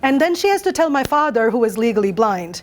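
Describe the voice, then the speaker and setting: A woman's voice: fairly high pitch, sing-song, fast talker, slight background noise. A middle-aged woman professor, a native Bengali speaker, presenting her research earnestly and thoughtfully, with frequent fillers and restarts.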